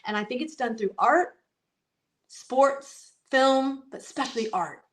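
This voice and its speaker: A woman talks in a relaxed, chatty way with a fairly high voice. She jumps between thoughts, restarting and adding asides as she goes. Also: measured pace. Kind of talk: casual chat.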